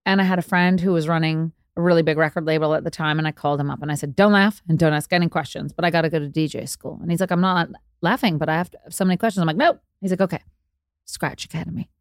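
Woman in her 50s, kinda low voice, chatty and self-mocking, dry close mic. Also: quick pace, no room sound. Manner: chatty, self-deprecating, acts out quotes with big pitch jumps. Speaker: DJ and interview guest. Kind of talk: candid storytelling interview.

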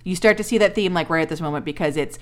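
A woman's voice: on the low side, rapid-fire. A woman co-hosting a podcast, chatting casually and sarcastically about a TV episode, swearing and acting out the characters' lines. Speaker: podcast co-host. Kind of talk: casual chat recapping a TV episode.

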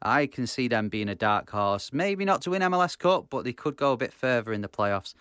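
British male host, brisk and chatty, smooth resonant voice, dry recording. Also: medium pitch, very animated, fairly bright tone, no echo. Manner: brisk, runs the roundup and sponsor reads. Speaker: podcast host. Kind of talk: casual sports chat.

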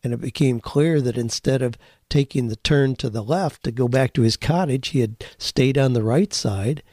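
On his advice podcast, an older man responds to listeners with earnest, folksy encouragement and stories woven through his conversational answers. He speaks at normal speed in a warm, medium-pitched voice, recorded cleanly in a studio with no echo.

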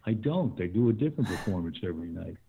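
Older man, low husky voice, phone line. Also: lively intonation, quick pace, mellow. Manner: thoughtful, chuckling, with restarts. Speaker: guest. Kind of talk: conversational interview.

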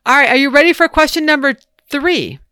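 A woman's voice: high-pitched, expressive, brisk, sharp tone, dry recording, clean studio sound. A woman in her fifties co-hosting an advice podcast in casual chat, laughing often and acting out quoted voices.

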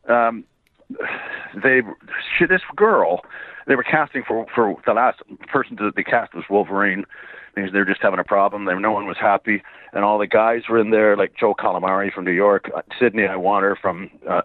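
A slightly hoarse man from Canada with a faint Irish trace, a voice actor and singer chatting as an interview guest, animated and laughing as he tells stories. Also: on the low side, no room sound. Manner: animated, laughing storyteller with frequent restarts. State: a bit hoarse. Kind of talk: casual interview chat. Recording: tinny phone-line sound.

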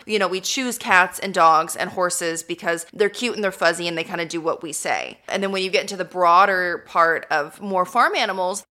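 A woman's voice: mid-range voice, pushed and bright. A young American woman telling earnest, emotional stories as a podcast guest. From United States. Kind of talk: casual interview chat.

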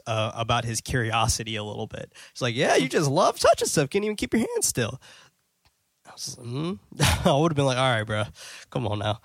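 A man hosting a podcast, casually recapping a horror movie's plot with cursing, loose asides and quick impressions of characters. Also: medium pitch, no room sound, clean studio sound. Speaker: podcast host.

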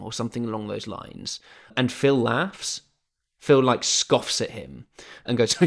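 A man with a mid-range voice co-hosting a casual podcast. He recaps a film's plot in a relaxed way, dropping wry, candid asides as he goes. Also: mid-range voice, unhurried. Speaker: podcast co-host. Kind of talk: casual film discussion.

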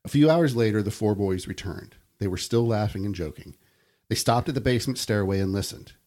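A man's voice: on the low side, brisk, mellow. A man co-hosting a podcast, reading creepy stories aloud between casual chat and laughing easily.

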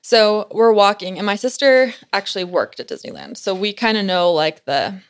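A woman's voice: medium pitch, expressive, normal speed. A young woman chatting on a podcast as a guest, telling a story with a lot of giggles. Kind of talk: casual chat.

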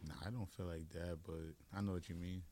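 A tired man co-hosting a podcast, speaking quietly and in a low-key way. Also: fairly even intonation, brisk, no echo, clean studio sound. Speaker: podcast co-host. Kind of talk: casual chat.

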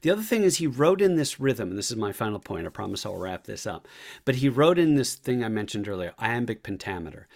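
Low-voiced man talking with passion. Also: a little fast, vocal fry. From United States. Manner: animated, quotes Shakespeare in heightened bursts. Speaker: guest, veteran and actor. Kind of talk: passionate interview talk.

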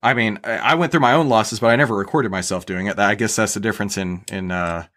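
A man being interviewed as a guest on a podcast, explaining his approach in a relaxed conversational way, often restarting words and checking in with "right?". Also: fairly low pitch, quick pace. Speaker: guest, stock trader.

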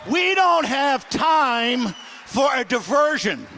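A middle-aged man hosting a political talk show, ranting combatively and shouting in bursts. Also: very high-pitched, sing-song, slow, gravelly, a faint crowd, slight background noise. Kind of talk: fiery political rant.

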